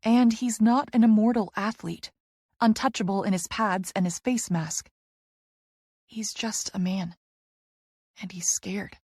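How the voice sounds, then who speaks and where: A woman reads a first-person romance audiobook in a medium-pitched voice, moving between hushed narration and heated dialogue. The recording is close and dry, with no room sound. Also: a little slow, long pauses, breathy edge, dry recording. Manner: expressive, shifting from soft narration to heated dialogue.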